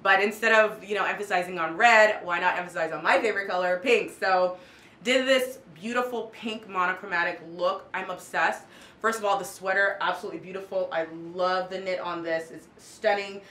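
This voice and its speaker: A woman chats through a fashion haul in a bright, forward voice, gushing with enthusiasm and repeating her praise. She sounds casual and eager. The sound carries noticeable room echo. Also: mid-range voice, steady tone, brisk. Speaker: fashion vlogger.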